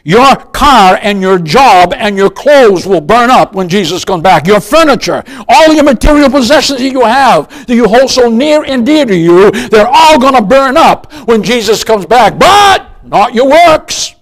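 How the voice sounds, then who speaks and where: A man's voice: very high voice, lively intonation, moderate pace, few pauses, rough recording. An older man preaching a sermon as pastor, emphatic, often calling his listeners "beloved" and asking them questions. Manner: emphatic, repeats "beloved", asks the congregation questions.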